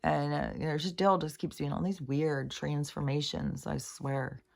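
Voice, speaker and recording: A woman's voice: low-pitched, fairly even intonation, measured pace, gravelly, darkish tone. A middle-aged woman talking through a meandering spiritual monologue, earnest and casual, with swearing and many fillers. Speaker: spiritual vlogger.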